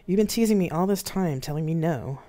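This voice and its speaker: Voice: medium pitch, animated, fairly quick, mellow, pitched above the performer's own voice, close to an everyday voice. A reader voicing a cruel, bigoted male crew member who speaks with sneering contempt. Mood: taunting. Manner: vicious and contemptuous.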